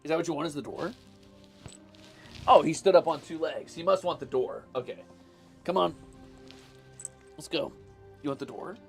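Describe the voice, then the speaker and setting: This man sounds a little high, with vocal fry, a normal speed and long pauses, while faint music plays behind him. He draws on a home live stream, chatting loosely, cursing freely and teasing his cat in baby-talk.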